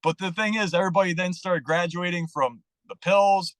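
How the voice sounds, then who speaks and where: A man telling his story as a podcast guest in a candid, profane, animated way. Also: sits high, normal speed, dry recording, rough recording. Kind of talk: casual storytelling interview.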